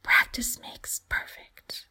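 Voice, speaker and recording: Woman reader doing a cheerful little boy, bright sing-song child voice, storybook. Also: sits high, expressive, measured pace, voice pushed up. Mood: coaxing.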